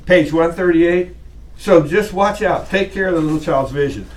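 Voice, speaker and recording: A man teaches a college class in a loose, chatty way. His voice sits a bit high, and it sounds slightly distant from the mic. He keeps breaking into small acted voices to make his points. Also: moderate pace, slight background noise. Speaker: college lecturer. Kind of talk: classroom lecture.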